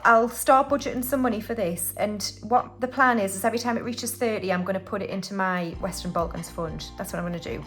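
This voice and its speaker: Chatty UK woman hosting a cash-budgeting vlog at home; a bit high-pitched, self-deprecating, faint music under her. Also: a bit bright. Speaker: budgeting channel host. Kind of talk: casual cash-stuffing vlog.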